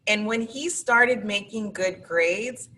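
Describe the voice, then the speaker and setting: A woman teacher appears as a guest on an interview show, chattily telling classroom anecdotes and acting out her students. Her voice is medium-pitched, slow, bright and forceful. The distant mic picks up faint background noise.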